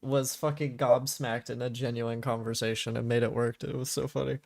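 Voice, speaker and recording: A man's voice: medium pitch, flat delivery, normal speed, creaky, a little mellow, no room sound. A man streaming a building game, trading dry jokes in casual banter with friends. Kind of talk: casual gaming chat.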